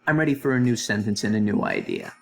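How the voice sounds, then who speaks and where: A male English teacher runs a recorded grammar review lesson with an animated delivery and playful asides to students. His lowish, creaky voice moves fast, with faint music behind him.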